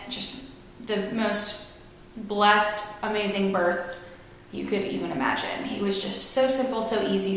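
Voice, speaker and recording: Young woman vlogger, earnest and emotional, storytelling with fillers, very echoey room, mid-pitched. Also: a little hiss or hum. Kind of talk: personal storytelling to camera.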